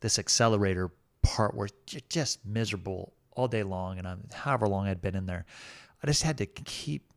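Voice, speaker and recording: Low-voiced man telling a story unhurriedly. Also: gravelly. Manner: deliberate storyteller who often corrects himself mid-sentence. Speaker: podcast co-host. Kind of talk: casual podcast conversation.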